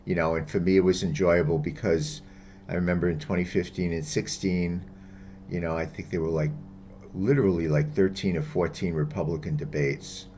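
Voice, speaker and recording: A man's voice: low-pitched, fairly even intonation, moderate pace, dark tone, slight background noise. A man co-hosting a political podcast in casual chat, dropping wry, joking asides. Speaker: podcast co-host.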